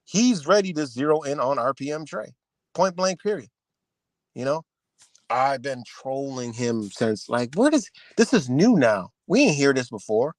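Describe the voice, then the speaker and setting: A man's voice: medium pitch, big pitch swings, measured pace, no echo. A man ranting heatedly and profanely on his livestream, repeating himself as he vents. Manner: agitated, profane, repetitive ranting.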